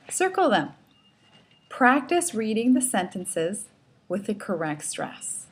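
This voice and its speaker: Slow, deliberate woman pronunciation teacher. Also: fairly high pitch. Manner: models each word and sentence twice, very deliberate. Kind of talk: slow, clearly enunciated lesson.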